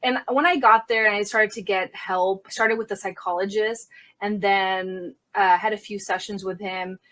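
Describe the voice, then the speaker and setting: A woman crime scene investigator telling her story as an interview guest, animated and quick, acting out the dialogue she recalls. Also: mid-range voice. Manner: animated, fast-talking, reenacts dialogue. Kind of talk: candid conversational storytelling.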